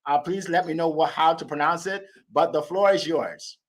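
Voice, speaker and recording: A man hosting a motivational audio call, talking in an upbeat, hyped and casual way, with quick laughs between introductions. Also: fairly high pitch. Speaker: host. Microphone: phone or computer on an audio call.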